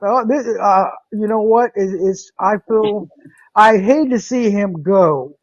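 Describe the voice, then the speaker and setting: A woman hosting a live internet radio podcast, talking casually in a halting, rambling way with many fillers and restarts. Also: mid-range voice, darkish tone, dry recording, dull audio.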